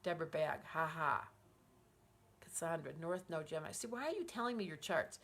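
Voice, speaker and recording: A woman's voice: lowish voice, very animated, fast. A chatty woman astrologer hosts a live stream, speaking into a phone held at arm's length. She reads viewers' comments aloud and answers each by name, gushing with enthusiasm in a loose, conversational way. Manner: effusive, chatty, warmly reacting to viewers by name. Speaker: astrologer host.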